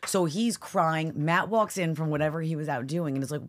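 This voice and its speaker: A woman in her thirties chats on a podcast in a fairly low voice, telling stories with lively acted-out quotes. She slips from one voice into another as she tells it, and keeps the talk casual and loose. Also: moderate pace. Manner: animated storytelling, acts out voices in quotes. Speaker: podcast co-host. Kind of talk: casual chat.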